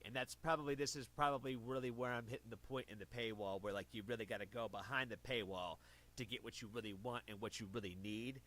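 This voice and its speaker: Talking close into his own streaming mic, a man with a mid-range, sharp-toned voice chats casually with livestream viewers, rambling and correcting himself as he goes.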